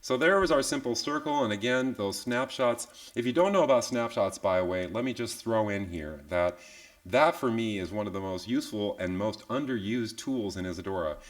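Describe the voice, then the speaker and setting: A man leading a live online software tutorial, talking in a relaxed, chatty way with tag questions and self-deprecating asides. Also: fairly low pitch, normal speed. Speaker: software instructor.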